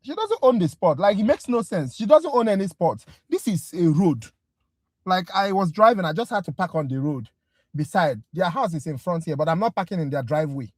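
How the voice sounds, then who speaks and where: In a casual livestream review class, a tutor speaks in a brisk, expressive, medium-pitched voice with no echo. Exasperated and talkative, she rants directly at viewers, calling them "guys," before getting to the teaching.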